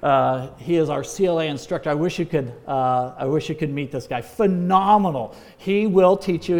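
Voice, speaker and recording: A man's voice: fairly high pitch, darkish tone. A man, a former missions pastor, giving an emphatic training talk full of exhortation and frequent "uh"s.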